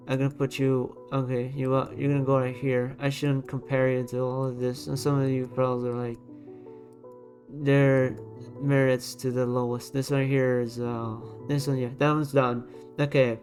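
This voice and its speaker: A man's voice: medium pitch, level tone, a little slow, a little mellow, faint music behind. A man giving casual commentary as he ranks designs. He talks bluntly and repeats himself, thinking aloud, and keeps his voice down so he won't overload his microphone. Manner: blunt, repetitive, thinks aloud while dragging items. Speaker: YouTuber ranking designs. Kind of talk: casual screen-recorded commentary. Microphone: desk microphone.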